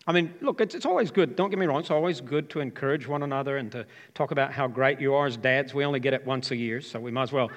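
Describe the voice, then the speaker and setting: A man's voice: mid-range voice, fast talker, few pauses. A man in his fifties, a pastor, preaching a sermon and joking with the congregation. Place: church hall. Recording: live hall reverb.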